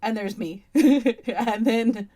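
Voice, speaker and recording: A woman co-hosting a podcast, chatting casually and telling animated stories with lots of giggling. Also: mid-range voice, takes it slowly, very noisy. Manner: giggly, animated storytelling with acted-out quotes. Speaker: podcast co-host. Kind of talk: casual chat. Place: podcast recording space.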